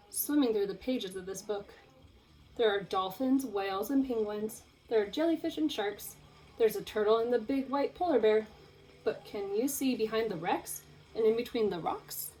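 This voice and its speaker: A young woman teacher reading a picture book aloud to children, in an expressive, playful storytelling way. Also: on the high side, normal speed, low-quality recording.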